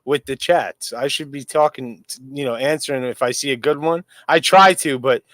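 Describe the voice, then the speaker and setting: A man's voice: mid-range voice, normal speed, a bit bright. A man with a mid-range voice co-hosts a live stream in loose, self-deprecating chat. His speech comes through dry, with no room echo. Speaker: co-host.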